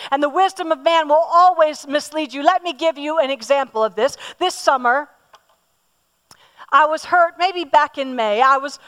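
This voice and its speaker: Woman preacher, high pitch, personal and emphatic sermon delivery. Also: a bit bright. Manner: personal, emphatic, asks the audience questions; repeats words for emphasis.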